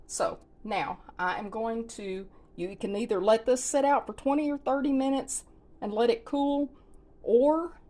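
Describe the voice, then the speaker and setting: A woman's voice: mid-range voice, darkish tone. A woman hosting a home cooking video, talking viewers through a recipe in a homey, chatty way. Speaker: recipe channel host. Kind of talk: casual cooking demo.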